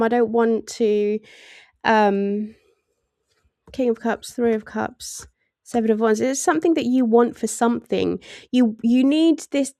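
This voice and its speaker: A woman talks through a tarot spread in a loose, chatty way, with a slightly high voice. She often laughs and slips into little voices to act out what she senses. The sound is dry and close, with no room behind it. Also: a little mellow, no room sound. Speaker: tarot reader. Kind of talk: casual tarot reading.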